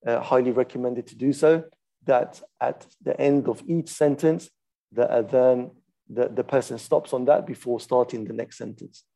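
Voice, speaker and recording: Patient man teaching classical texts, gravelly. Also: mid-range voice, steady tone, moderate pace, warm tone. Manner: patient, methodical, stops to demonstrate recitations. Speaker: Islamic studies teacher. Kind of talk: explaining a classical text.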